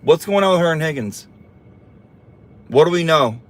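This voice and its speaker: A man's voice: fairly high pitch, animated, moderate pace. A man hosting a casual livestream, reading viewer comments aloud and teasing them in a sassy, campy way.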